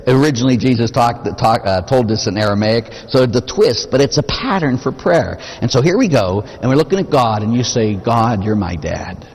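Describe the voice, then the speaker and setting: Husky-voiced priest preaching in a reverberant church. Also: male voice, mid-range voice, lively intonation, a little fast, few pauses, darkish tone. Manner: conversational preaching with rhetorical questions. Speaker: Catholic priest. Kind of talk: sermon.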